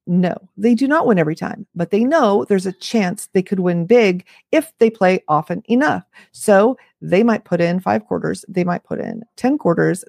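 A woman's voice: mid-range voice, vocal fry, darkish tone, no echo, studio quality. A woman in her fifties giving parenting advice in a chatty, frank way, with self-deprecating asides. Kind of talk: casual talk to camera.

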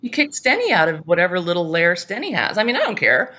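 A middle-aged woman talks politics as a podcast guest. Her voice sits low but moves widely in pitch, and she delivers her points with emphatic exasperation and quick asides. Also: huge pitch swings, sharp tone. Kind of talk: casual political podcast chat.

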